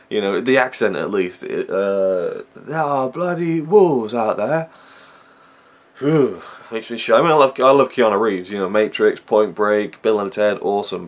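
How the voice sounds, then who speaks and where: Low, gravelly man reviewing films. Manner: rambling, with many fillers and restarts. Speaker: film reviewer. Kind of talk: casual spoken film review.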